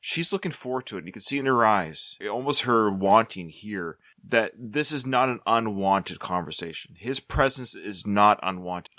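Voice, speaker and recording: A man's voice: medium pitch, no room sound, clean studio sound. A middle-aged man co-hosting a podcast, talking through a film in an earnest, musing way. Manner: earnest, musing, lively quotes of characters. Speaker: podcast co-host. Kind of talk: casual film discussion.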